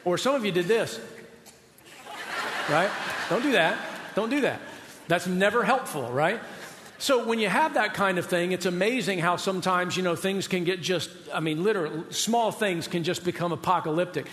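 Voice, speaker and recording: A man's voice: high voice, normal speed, fairly bright tone, big-room sound, slight background noise. A man preaching a sermon in a conversational way, often asking the audience questions. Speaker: pastor.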